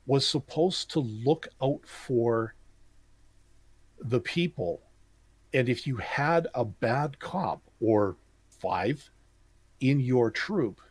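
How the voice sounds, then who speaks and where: A man's voice: medium pitch, husky, dry recording. A podcast co-host from Canada, a man chatting casually, emphatic and opinionated, often tripping over his words. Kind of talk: casual chat.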